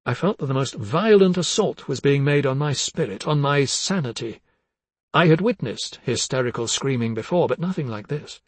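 A man's voice: medium pitch, animated, moderate pace, no echo. A man narrating a literary novel as an audiobook, with intense, dramatic delivery.

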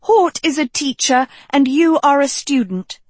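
A woman's voice: sits high, expressive, measured pace, darkish tone, no echo, voice pushed up. A woman voicing a manipulative young female dean who talks down to others, sweet on the surface and scolding underneath. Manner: sweetly condescending, then scolding.

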